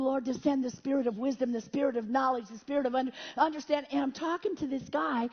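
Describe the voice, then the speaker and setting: High-voiced woman preacher telling a story. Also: fairly quick, hardly any pauses, muffled recording. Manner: animated storyteller with sound effects and prayer. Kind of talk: storytelling sermon testimony.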